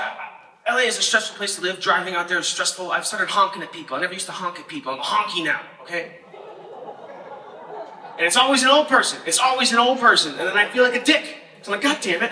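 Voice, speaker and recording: A young man works the crowd during a stand-up comedy set at a festival, telling sharp, sarcastic stories to a live audience. His high-pitched voice has a bright, forceful edge. Captured by a far-off mic in an echoey, noisy live space.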